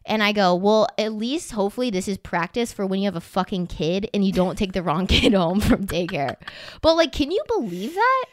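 A woman's voice: medium pitch, normal speed, no room sound, clean studio sound. A young woman telling a funny story in casual chat, swearing freely and sprinkling in "like". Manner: animated storytelling, swears freely, many "like" fillers.

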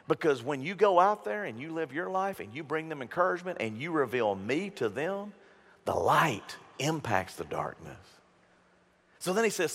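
A man's voice: very animated, moderate pace, fairly bright tone, breathy edge. A male pastor preaching a sermon in a folksy, emphatic style, talking straight to his congregation. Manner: folksy, emphatic preaching with big swings in pitch and volume. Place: church sanctuary. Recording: long hall reverb.

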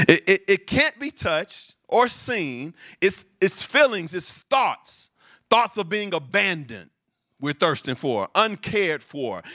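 Male preacher, high-ish bright voice, slow deliberate delivery. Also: dry recording, clean studio sound. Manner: lively preaching with repetition and call-and-response. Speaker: pastor. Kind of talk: sermon.

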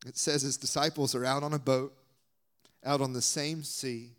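A man's voice: medium pitch, steady tone, moderate pace, a bit bright. Emphatic Southern US preacher, man. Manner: emphatic, drops to whispered asides. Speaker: guest preacher. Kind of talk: sermon.

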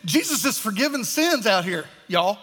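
A man preaches a sermon, his voice high and bright. He talks animatedly and slips into the voices of the people in his story. The sound carries the long echo of a hall. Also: moderate pace. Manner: animated, acts out voices of biblical figures. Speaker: pastor. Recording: echoey hall.

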